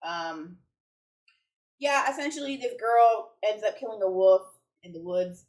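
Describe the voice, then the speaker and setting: Woman book vlogger, casual rambling chat, mid-pitched, recorded off-mic in an echoey home room. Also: expressive, measured pace, darkish tone. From United States. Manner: chatty, rambling, enthusiastic, self-correcting. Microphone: camera a little way off. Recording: roomy sound from a distant mic.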